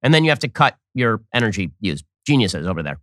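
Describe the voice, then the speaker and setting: A man hosting a political commentary show, talking in a fast, mocking, sarcastic way. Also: no room sound, clean studio sound. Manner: mocking, rapid-fire, animated pitch swings.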